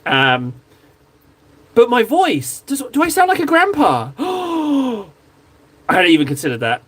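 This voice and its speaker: A man from southwest England with a southern English accent, hosting a live stream and chatting casually, excitable and quick to interrupt himself. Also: extremely high pitch, breathy edge. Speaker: live-stream host painting miniatures.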